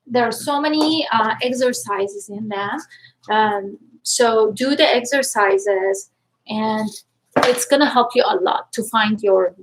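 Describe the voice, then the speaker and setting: A woman coach talking casually to viewers on a live stream, energetic and upbeat, effusively thankful and at times close to tears. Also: on the high side, slight background noise, low-quality recording. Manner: emotional, near tears at times. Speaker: life and money mindset coach.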